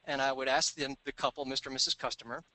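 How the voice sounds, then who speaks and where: A middle-aged man giving a business talk, telling stories and acting out the dialogue in quick voices. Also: medium pitch, fairly even intonation, bright, forceful tone, dry recording, rough recording. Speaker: business speaker. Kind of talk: recorded seminar talk.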